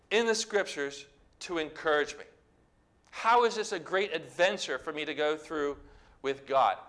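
A middle-aged man delivers a sermon as a pastor, talking with a bright, forceful edge. His voice sits a little high for a man, and he presses his points emphatically, climbing toward near-shouts.

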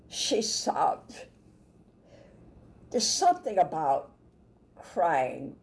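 A woman preaching a sermon in an emphatic way, breaking into loud bursts and then dropping to soft asides. Her voice sits at a middle pitch for a woman. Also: sing-song, very slow, pauses often.

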